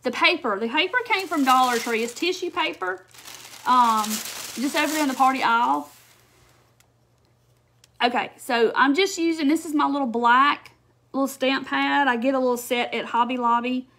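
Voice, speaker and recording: A woman's voice: sits high, normal speed, sharp tone, slight background noise. Chatty woman hosting a craft livestream. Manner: chatty, answers viewer comments, laughs often. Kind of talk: casual live craft demonstration.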